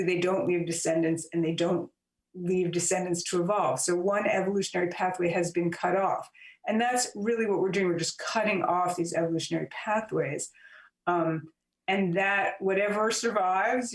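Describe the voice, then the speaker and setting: Woman guest explaining things slowly, lots of "you know", sounds far from the mic in a big echoey room. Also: fairly low pitch. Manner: measured, explaining at length with frequent "you know" fillers. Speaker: author and journalist guest. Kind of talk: explanatory interview answers. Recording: roomy and distant from the mic.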